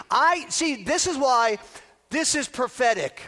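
A man's voice: extremely high pitch, expressive, unhurried, pushed and bright. A man preaching a sermon as a pastor, emphatic and repetitive, stacking rallying phrases to drive his points home. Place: church sanctuary. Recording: long reverb of a large hall.

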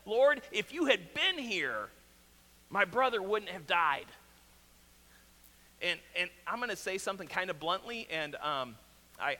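A high-voiced pastor with a Southwest Missouri accent preaches an earnest sermon, often repeating a question and dropping into a quiet, pressing tone. The hall is reverberant, with a faint hum.

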